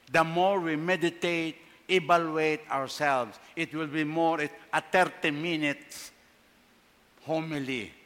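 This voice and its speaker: A man with a Filipino accent preaching a sermon, earnest, repeating his questions and rising in pitch and force as he presses each point. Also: a bit bright, in a large hall.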